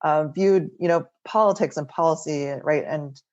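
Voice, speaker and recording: A woman's voice: low voice, moderate pace, a little mellow, muffled recording. A middle-aged woman architect telling stories from her life in a casual interview, often tagging sentences with "like" and "right?". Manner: chatty, many "like" and "right?" tags. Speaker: architect guest. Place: home, remote interview.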